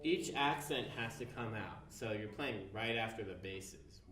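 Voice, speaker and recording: A man's voice: lowish voice, measured pace, loud music behind the voice. Man teaching cello, counting beats aloud. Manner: counts beats aloud, patient step-by-step instruction. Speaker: music teacher. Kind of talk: instrument tutorial. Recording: roomy, distant mic with cello playing.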